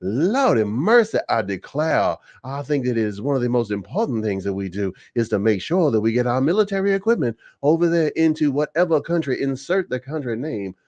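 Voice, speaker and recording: A man's voice: medium pitch, very animated, fairly quick, hardly any pauses, darkish tone, no room sound, natural voice. A man putting on an exaggerated Southern drawl to mock a male senator as a swooning Southern belle. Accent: put-on Southern US drawl. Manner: drawling, fanning himself, exaggerated. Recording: dull lo-fi sound.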